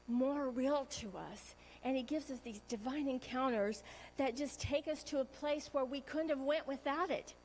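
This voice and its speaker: A woman sharing an emotional personal testimony in a church talk, earnest and halting, often restarting her sentences. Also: high voice, slight background noise, low-quality recording.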